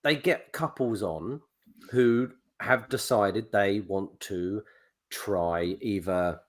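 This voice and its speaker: A man's voice: lowish voice, takes it slowly. A man co-hosting a podcast, rambling through a story and acting out quotes in different voices. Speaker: podcast co-host. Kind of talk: casual chat.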